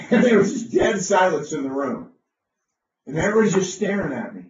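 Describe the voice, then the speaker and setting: A man's voice: sits high, sing-song, brisk. A man telling an enthusiastic, rambling business story, with frequent restarts. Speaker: business speaker. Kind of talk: anecdotal storytelling talk. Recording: roomy, distant, dull lo-fi sound.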